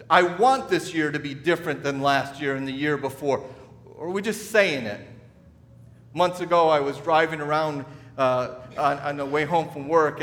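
A man's voice: fairly high pitch, a bit bright, big-room sound. A man preaching a sermon, telling a story in a conversational way with frequent restarts. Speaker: pastor.

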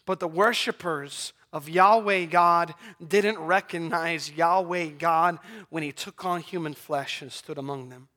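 A man preaching a sermon, swinging between hushed near-whispers and loud, emphatic declarations. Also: fairly high pitch, steady tone, unhurried, few pauses.

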